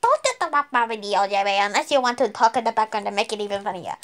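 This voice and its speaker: A woman's voice: mid-range voice, animated, quick pace. A young woman hosting her own channel in a playful, giggly way, often restarting and laughing at herself. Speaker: channel host. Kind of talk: giggly casual vlog chat.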